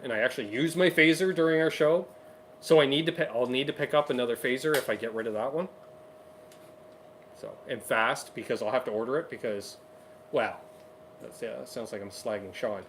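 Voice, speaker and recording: A man in the middle of his range, talking casually on a guitar livestream. He reads viewer comments with quick, upbeat asides. A faint hiss runs under the voice. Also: mid-range voice. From Canada. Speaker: co-host of a livestream guitar show.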